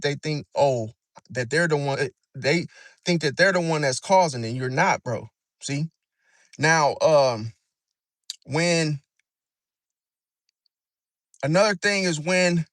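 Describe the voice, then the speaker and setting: A man's voice: fairly high pitch, a bit bright, dry recording. Slangy man riffing, close dry mic. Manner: slangy, repetitive, addresses listener as bro. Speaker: astrology commentator. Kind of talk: casual monologue.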